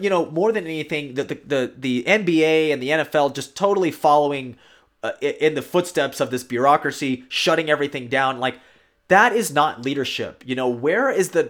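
Rambling, opinionated man with a higher voice. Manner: rambling, emphatic, tag questions like "right?". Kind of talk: opinionated commentary monologue.

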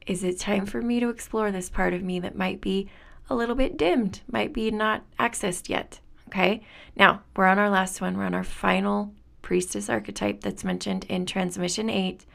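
A woman's voice: medium pitch, creaky. A woman hosting a spiritual podcast, talking in an earnest, enthusiastic way and laughing often. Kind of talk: reflective spiritual monologue.

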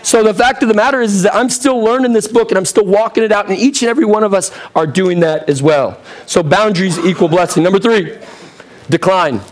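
A man in his thirties preaching a sermon in a direct, conversational way, asking the crowd questions, his voice getting a bit hoarse. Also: high-pitched, a little hiss or hum. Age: 30s. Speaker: pastor.

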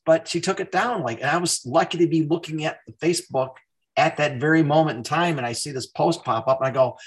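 A man's voice: a little high, fairly quick. A man hosting a casual interview, telling stories and acting out quoted dialogue. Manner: animated storyteller, acts out quoted dialogue. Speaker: podcast host.

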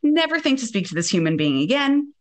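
A woman's voice: sits high, brisk. A woman in her thirties hosting a podcast, casually telling a story and acting out the quoted dialogue. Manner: animated, acts out quoted dialogue. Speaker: podcast host.

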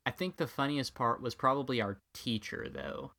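A man's voice: mid-range voice, moderate pace, gravelly, pushed and bright. A young man co-hosting a podcast, telling a story in a wry, joking way and acting out what people said. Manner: wry, joking storyteller who acts out quotes. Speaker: podcast co-host. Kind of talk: casual storytelling chat.

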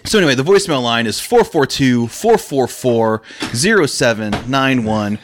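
A man's voice: medium pitch, expressive, moderate pace, a little hiss or hum. A male podcast co-host whose voice swings up and down as he talks. He rambles through crude, casual banter, teasing his partner and breaking into laughter.

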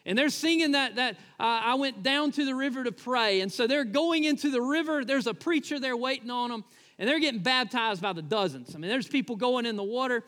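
High-voiced man preaching in a reverberant church. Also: fairly quick, a bit bright. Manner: frequent "uh" fillers, conversational. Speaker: pastor. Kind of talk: sermon. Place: church sanctuary.

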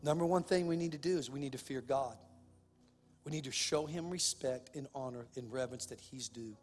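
A man preaching a sermon as pastor, impassioned, swinging between hushed, heavy passages and loud, driving ones. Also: mid-range voice, brisk, long reverb tail, soft background music.

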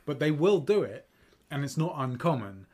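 A man's voice: a little high, very animated, moderate pace, a little mellow. A man co-hosting a podcast in casual chat, rambling with many fillers and restarts. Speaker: podcast co-host.

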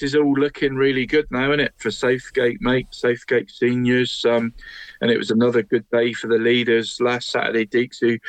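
A cheery man, chatting about local football in a mid-pitched voice. He tacks "mate" onto nearly every sentence, and the recording is dry and close, with no room sound. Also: no room sound. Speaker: co-host of a local football show. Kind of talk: casual sports chat.

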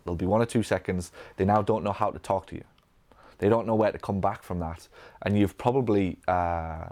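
A man from England with a Northern English accent, coaching physio business owners in a live Q&A, energetic, with many restarts and acted-out patient lines. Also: lowish voice. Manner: energetic, repetitive restarts, acts out patient dialogue. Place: event room.

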